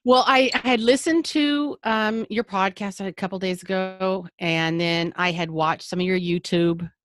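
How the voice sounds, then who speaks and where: A woman's voice: mid-range voice, steady tone, unhurried, dry recording, clean studio sound. A woman guesting on a podcast, speaking frankly in a casual, rambling way. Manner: frank and rambling, restarts often. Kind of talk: candid casual chat.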